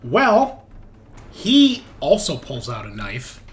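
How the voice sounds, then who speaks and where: A man's voice: mid-range voice, huge pitch swings, takes it slowly. A man narrating as game master of a tabletop game, casual, joking and profane.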